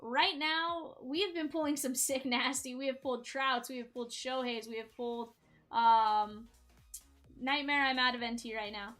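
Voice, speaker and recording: A woman hosting a live card-break stream, hyping each card she pulls and shouting out viewers in the chat. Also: high-pitched, steady tone, normal speed, soft background music. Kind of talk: live-stream sales patter.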